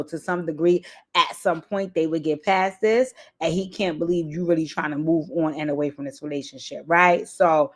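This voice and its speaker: A woman giving casual, candid commentary on a reality show, emphatic and profane, often tagging "right?" onto her points. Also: lowish voice. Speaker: reality TV recap host.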